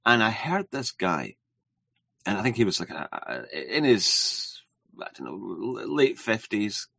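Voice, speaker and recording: A man with a deep, husky voice hosts a casual conversation, easing along with plenty of hesitation. The recording is close and dry. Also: a little slow, no room sound. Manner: relaxed, rambling, hesitant.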